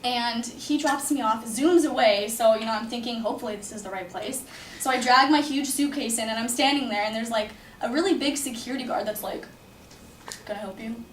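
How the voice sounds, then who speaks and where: A young woman from California tells a personal story in a chatty style, saying "like" a lot. Her fairly quick, higher voice sounds distant from the mic in an echoey room, with faint background ambience and slight noise.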